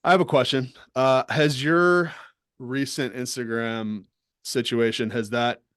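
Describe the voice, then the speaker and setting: A man's voice: medium pitch, fairly even intonation, unhurried, fairly bright tone, clear, resonant tone, no echo, clean studio sound. A man hosting a casual group discussion on a video call, asking loose, rambling questions. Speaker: host.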